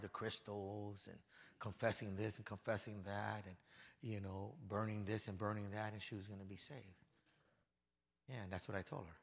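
A pastor with a lowish voice and some vocal fry delivers a conversational sermon in a church hall. He acts out quotes and swings between quiet asides and loud declarations.

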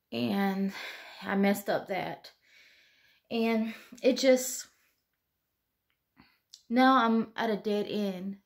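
Tearful woman in a candid late-night chat. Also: fairly high pitch. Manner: candid, rambling, with many "you know"s. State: tearful, sighing. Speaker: vlogger.

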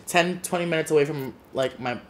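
A man telling a story in a casual chat over a meal, his voice sitting a little high. He tells it dramatically, setting the scene and repeating phrases for effect. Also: brisk. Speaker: guest.

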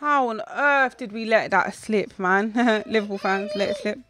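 A young woman reacting out loud while playing a football video game, shouting, groaning and talking to people in the room. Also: medium pitch, measured pace. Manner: talks back to people in the room. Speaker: gaming YouTuber.

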